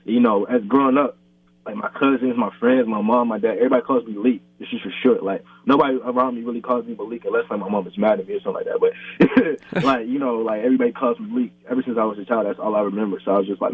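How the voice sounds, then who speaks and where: A man's voice: fairly low pitch, fairly even intonation, quick pace. Young man chatting over a tinny line. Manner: loose and chatty, heavy use of "like" and "bro". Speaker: YouTuber being interviewed. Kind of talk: casual interview chat. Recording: thin phone-line sound, husky and dry.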